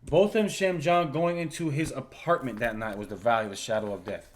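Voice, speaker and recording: A man's voice: medium pitch, a little fast, poor audio. A man co-hosting a livestream Bible class, reading verses aloud and commenting bluntly, with profanity. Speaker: co-host reading scripture.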